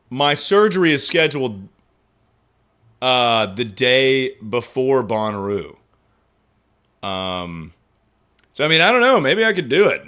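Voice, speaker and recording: A young man streaming, chatting casually and profanely about his injury, mocking himself with sudden loud outbursts. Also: mid-range voice, clean tone. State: injured, in pain. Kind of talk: casual livestream chat.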